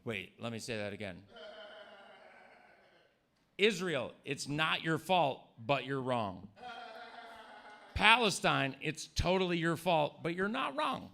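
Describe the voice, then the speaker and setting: A man's voice: a little high, very animated, measured pace, vocal fry, long pauses, sharp tone, slight background noise. A man doing a crude, provocative stand-up set in a comedy club. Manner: crude, provocative, jumps into mocking voices.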